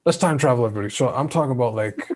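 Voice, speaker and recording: A young man co-hosting a podcast, chatting loosely in a relaxed, rambling way with slangy asides. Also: mid-range voice, very fast. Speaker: podcast co-host. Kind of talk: casual chat.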